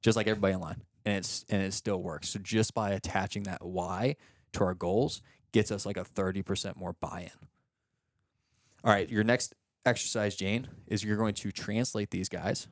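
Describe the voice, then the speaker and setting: With a lowish voice at a moderate pace, this father of young kids, young adult or middle-aged, walks a client through each step on a podcast coaching session. His explanations are steady and instructive, often acting out example questions, captured in echo-free studio quality.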